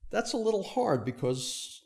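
A man's voice: high voice, very animated, unhurried, creaky, darkish tone. A man interviewing stage actors, asking questions in a curious, conversational way.

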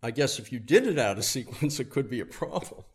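A man's voice: mid-range voice, lively intonation, brisk. Conversational male interviewer. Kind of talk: interview questions.

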